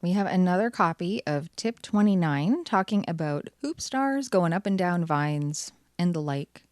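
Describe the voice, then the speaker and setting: A woman's voice: on the low side, expressive, unhurried, a little mellow, no echo, studio quality. Chatty woman opening card packs. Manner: chatty, cheerful, wry asides. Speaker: channel host. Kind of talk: casual card-opening commentary.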